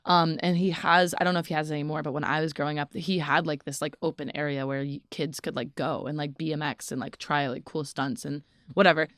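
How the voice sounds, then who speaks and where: A young woman with a lower-pitched voice co-hosts a casual podcast and tells rambling stories full of "like". She is recorded on a close mic in a dry room. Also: steady tone, quick pace, a bit bright, no room sound. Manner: rambling storytelling, heavy use of "like". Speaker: podcast co-host. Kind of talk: casual chat.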